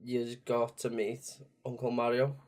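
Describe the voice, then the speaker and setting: A young man co-hosting a podcast, chatting about games in a lively way, laughing often and cutting in mid-sentence. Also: medium pitch, measured pace. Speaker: podcast co-host. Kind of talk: casual chat about video games.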